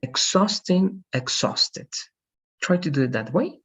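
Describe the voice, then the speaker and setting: A man runs an online English lesson, slowly modeling words and gently correcting his students. His voice is a little husky and the call audio sounds dull and lo-fi. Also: mid-range voice, expressive. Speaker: English teacher. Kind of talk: online class, pronunciation coaching. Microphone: video call.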